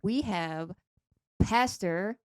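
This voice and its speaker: A chatty woman with a Southern US accent hosting a casual podcast, bubbly and quick to laugh. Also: medium pitch, smooth, no room sound, clean studio sound. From Georgia. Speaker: podcast host. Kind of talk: casual chat.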